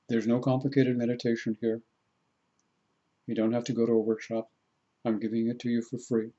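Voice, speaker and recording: A man, a spiritual teacher, leading a guided meditation talk in a slow, deliberate way and repeating phrases for the listener. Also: medium pitch, level tone, dark tone, lo-fi sound.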